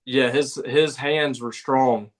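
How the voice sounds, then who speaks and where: A man's voice: medium pitch, steady tone, slow pace. A man co-hosting a sports talk radio show, telling stories in a laid-back way and laughing often. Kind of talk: casual sports talk chat.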